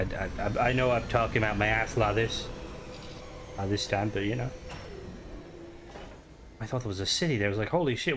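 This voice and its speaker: A young Irish man streaming a game, chatting casually in a rambling way full of filler words. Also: mid-range voice. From Ireland. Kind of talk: casual gameplay commentary.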